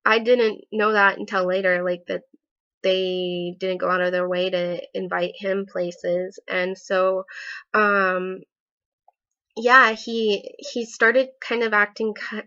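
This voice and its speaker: A woman talking through a personal story for her vlog, hesitant and restarting often. She fills her sentences with fillers as she goes, her pitch sitting in an ordinary middle range. The audio is slightly dull and lo-fi. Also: level tone, slow pace, bright, forceful tone, clear, resonant tone. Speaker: vlogger.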